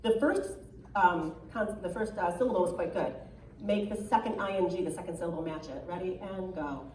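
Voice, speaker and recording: A woman's voice: on the low side, a little fast, darkish tone, a little hiss or hum. A woman with a soprano voice coaching a choir in rehearsal, chatty and encouraging, often checking in with "right?". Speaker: choir clinician giving critiques. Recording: echoey hall, mic far off.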